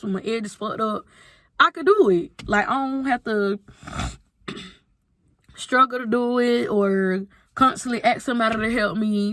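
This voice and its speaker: Young woman, candid rambling vlog talk, mid pitch, dry close sound. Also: pushed and bright, dry recording. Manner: candid, rambling, heavy use of "like". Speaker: vlogger. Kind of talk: casual venting monologue.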